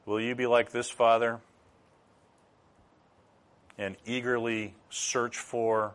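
A man's voice: mid-range voice, level tone, takes it slowly, clean tone. A middle-aged man preaching a sermon as pastor, teaching through rhetorical questions.

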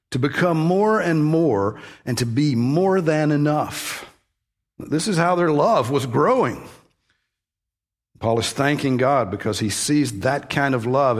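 Male pastor, husky voice, mid pitch, casual sermon delivery with emphatic stresses. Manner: conversational teaching with frequent restarts, stressing key words.

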